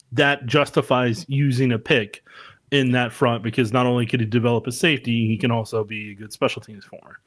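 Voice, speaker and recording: A man's voice: medium pitch, dry recording. A man co-hosting a casual sports podcast, talking loosely and laughing often between points. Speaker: podcast co-host.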